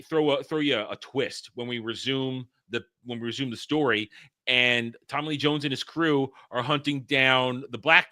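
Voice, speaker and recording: A man co-hosting a casual film discussion, excitable, tripping over his words and acting out movie lines. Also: medium pitch. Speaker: podcast co-host.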